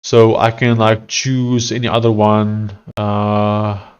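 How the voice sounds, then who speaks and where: South African man coding out loud. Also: lowish voice, monotone, takes it slowly, smooth, muffled recording. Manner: thinks aloud, hesitant with restarts. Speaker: software developer streamer. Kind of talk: casual live-coding commentary.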